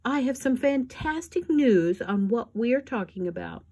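Casting: woman doing a breathless, excitable society lady in an audiobook, husky and eager. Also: takes it slowly, full character voice. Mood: gushing. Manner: breathless and gushing, high and eager. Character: excitable, trend-obsessed rich society woman. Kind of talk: audiobook reading.

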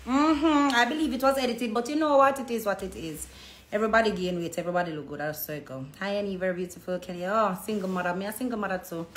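Chatting casually on a phone livestream from a hair salon, a social media personality with a Jamaican accent tells animated stories in patois and mimics the voices of the people she quotes. Her voice is medium-pitched and quick. The room echoes, with faint noise behind her.

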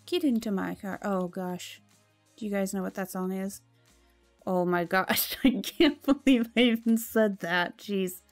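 A woman's voice: medium pitch, slow, pauses often, dry recording, faint music behind. A woman giving casual gameplay commentary, chatty and easily flustered, jumping to exclamations and dropping into whispers when nervous.

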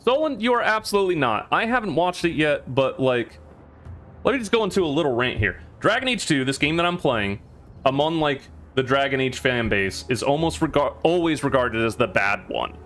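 A man's voice: mid-range voice, big pitch swings, brisk, fairly bright tone, slight background noise. A man casually commenting as he plays a video game on stream, rambling and laughing often. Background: game music.

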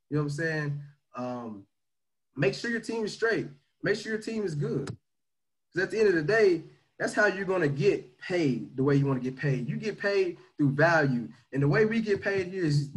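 Brief: energetic man hyping his team in a slangy leadership livestream, voice sits a bit high. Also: rough recording. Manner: energetic and slangy, swinging between loud pushes and quiet asides. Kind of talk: motivational livestream talk.

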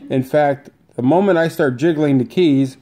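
A man's voice: normal speed, dark tone. A man casually narrating a home video about his pet parakeets. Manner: talks to the bird in a high coaxing sing-song. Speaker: pet bird owner filming his parakeets. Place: room at home with birds.

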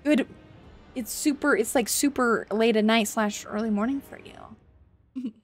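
Female game streamer, high voice, unhurried playful chatter. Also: soft background music. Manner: playful, chatty, yelps and laughs while fighting. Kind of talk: casual gameplay commentary.

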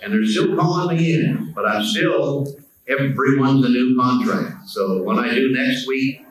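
A man's voice: medium pitch, a little slow. Easygoing older man in an echoey hall. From United States. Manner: easygoing, chatty, self-deprecating. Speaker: panel guest voice actor. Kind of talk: relaxed anecdotal storytelling. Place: convention panel room. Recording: echoey convention hall, distant mic.

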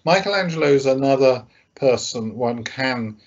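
A man's voice: mid-range voice, animated, moderate pace, lo-fi sound. A man giving a talk about art over slides, hesitant, with many fillers and restarts. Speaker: guest speaker, art critic.

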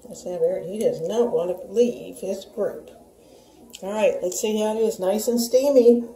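A woman in her sixties hosts a cooking channel from her home kitchen, chatting warmly with viewers during a casual cooking demonstration. Her mid-range voice has a dark tone and a moderate pace, and the recording is rough.

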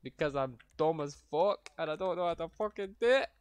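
A young man streaming a game, swearing constantly and breaking into shouted rants. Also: a little high, fairly quick. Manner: foul-mouthed, ranting, erupts into shouting. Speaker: gaming streamer. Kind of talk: casual gameplay commentary.

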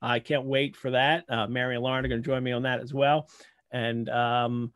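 A man hosting a live video call, giving heartfelt, halting thanks to his co-hosts and audience while holding back tears. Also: medium pitch, flat delivery, fairly bright tone, no echo. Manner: heartfelt, halting, many restarts. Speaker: host. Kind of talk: emotional closing remarks on a live video call.

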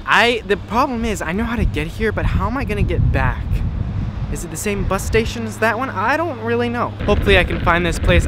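A man's voice: sits high, noisy background. A young man talking casually to the camera in an upbeat, chatty, self-joking way. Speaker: vlogger. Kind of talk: casual vlog talk to camera. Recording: music playing under the voice.

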